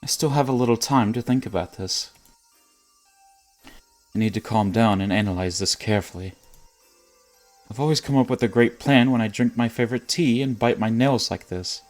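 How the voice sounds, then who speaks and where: A man voicing a scheming, ambitious young woman researcher, reading game dialogue aloud in a low, even voice. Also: normal speed, long pauses, soft background music, lightly acted. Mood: brooding.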